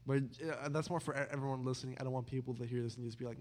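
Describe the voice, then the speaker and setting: A man's voice: mid-range voice, steady tone, very fast, a little mellow. A young man hosting a casual chat with his younger brother, rambling with many restarts and dry, sarcastic teasing. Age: young adult. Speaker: podcast host.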